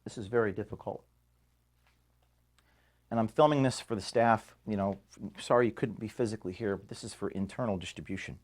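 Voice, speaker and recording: Emotional man giving a halting farewell. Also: lowish voice, fairly even intonation, a little mellow. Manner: halting, emotional, pauses and restarts. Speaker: organization founder addressing staff. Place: office, indoors.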